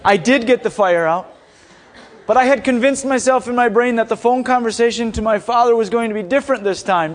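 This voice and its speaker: A young man with a high voice giving a storytelling sermon. He talks in an animated way, acting out quoted lines with shouts and laughter before settling into prayer. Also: brisk. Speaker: speaker at a school chapel.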